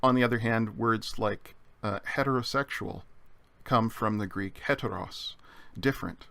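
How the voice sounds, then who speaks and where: A man teaching Greek vocabulary in a measured lecture, explaining slowly with frequent pauses and fillers. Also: on the low side, creaky, a bit bright. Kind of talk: recorded lecture.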